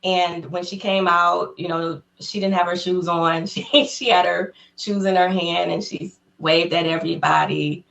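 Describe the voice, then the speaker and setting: A woman guest in an interview, telling an excited story in casual talk, laughing often and acting out what people said. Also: lowish voice, a little slow, vocal fry, few pauses, muffled recording. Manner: excited, acts out quotes in a raised voice; laughs often between phrases.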